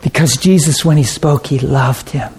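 A man preaching a sermon, animated and chatty, acting out harsh voices and laughing often. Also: medium pitch, moderate pace.

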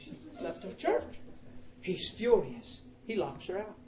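A man preaching a sermon in an emphatic, animated way, calling out to the congregation. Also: high-pitched, unhurried, reverberant, highs cut off, crowd noise.

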